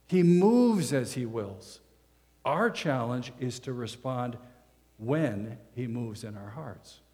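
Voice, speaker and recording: A man's voice: mid-range voice, a little mellow. A man preaching a sermon as pastor, in a conversational style that leans on rhetorical questions. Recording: long hall reverb.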